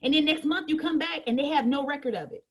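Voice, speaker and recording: A woman giving a sales training talk in a colloquial, animated way, talking straight to her audience and acting out customer conversations. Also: high-pitched, quick pace.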